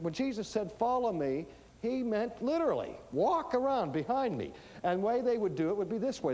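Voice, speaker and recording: A man delivering a teaching sermon, emphatic and dramatic, swinging between hushed lines and booming ones. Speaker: preacher.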